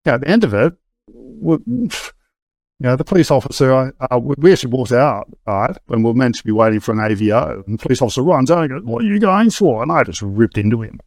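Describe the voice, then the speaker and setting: Speaking fast with lively intonation, this middle-aged interview guest recounts his story frankly and informally, full of hesitations and false starts. His mid-range voice is darkish with some vocal fry, recorded without echo.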